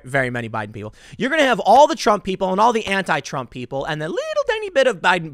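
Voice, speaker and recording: Animated, bright-voiced male commentator. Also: sits high, dry recording, clean studio sound. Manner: animated, emphatic, repeats words. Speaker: political commentator. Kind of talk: opinionated commentary vlog.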